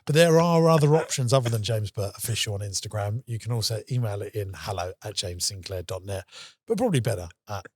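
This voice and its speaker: A man's voice: fairly low pitch, husky, no echo, studio quality. A man hosting a business podcast, bantering and teasing his co-host in a playful way. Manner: playful, teasing, quick to laugh.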